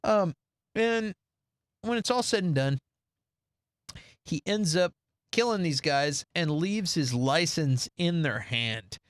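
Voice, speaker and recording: The co-host's slightly high voice moves slowly, with long pauses, in a dry, clean studio recording. Recapping a film on a casual podcast, he animatedly plays out the characters' dialogue in assorted voices.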